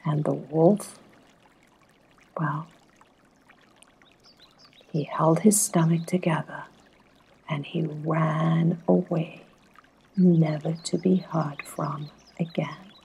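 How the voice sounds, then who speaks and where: A woman narrating a bedtime fairytale, soft and hushed, often dropping to a half-whisper. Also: deep voice, fairly even intonation, drawn-out words, gravelly, long pauses, husky. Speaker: storyteller.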